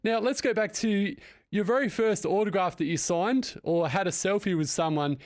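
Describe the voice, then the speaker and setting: A man's voice: sits high, moderate pace, no echo, clean studio sound. A man with an Australian accent hosting a podcast interview, upbeat, laughing along and announcing segments. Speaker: podcast host. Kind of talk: casual interview.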